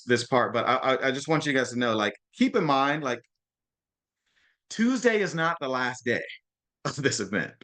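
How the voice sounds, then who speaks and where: Chatty man with a bright voice. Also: fairly high pitch. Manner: chatty, keeps checking in with "okay?" and "right?"; frequent restarts and repeated words. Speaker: host of a mastermind call. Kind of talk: casual presentation on a group video call. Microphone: video call.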